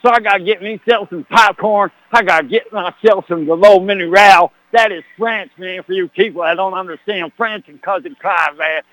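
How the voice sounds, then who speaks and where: A man's voice: sits high, moderate pace, hardly any pauses, a bit bright, dry recording, poor audio. A man voicing a rowdy country cousin who drawls and keeps saying "man" and "I'll tell you what.". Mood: hyped. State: out of breath.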